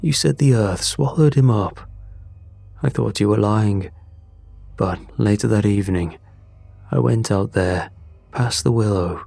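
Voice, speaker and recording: Guy reading a raspy dying old farmer dad, low dark voice, slow weak confession, faint music behind. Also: dry recording. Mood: grim. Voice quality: hoarse, rasping. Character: dying old farmer father, grim and guilt-worn. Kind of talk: scripted horror narration.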